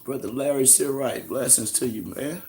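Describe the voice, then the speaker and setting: A man's voice: mid-range voice, normal speed, a little mellow, slight background noise. A man from the United States hosting a live stream, greeting viewers and answering their questions in a loose, slangy, conversational way. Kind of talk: casual live-stream chat and teaching.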